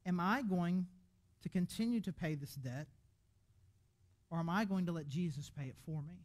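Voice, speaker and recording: A man preaching a sermon as pastor in a church, animated and conversational, restarting his words often. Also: high-pitched, normal speed. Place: church auditorium.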